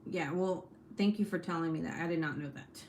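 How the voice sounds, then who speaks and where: A woman's voice: fairly low pitch, a little fast, a little mellow, roomy sound, slight background noise. A woman in her forties hosting a casual livestream, chatting with viewers and reading their comments, swearing freely. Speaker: livestream host.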